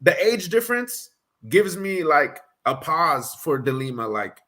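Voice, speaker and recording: With a fairly high, bright, sing-song voice, a man speaks a little slowly while co-hosting a fight prediction stream. He casually runs through fighter stats, analyzing them as he settles on his pick.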